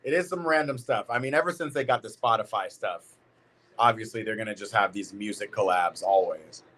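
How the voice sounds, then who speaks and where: A man's voice: fairly low pitch, a little fast, fairly bright tone. A man hosting a live football watch party, chatting casually in slang and reading out comments from chat.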